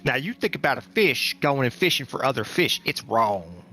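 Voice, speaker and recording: A man's voice: mid-range voice, very animated, moderate pace, pushed and bright, faint music behind. A man voicing a conspiratorial male townsman who rants in a folksy way to stir up a crowd.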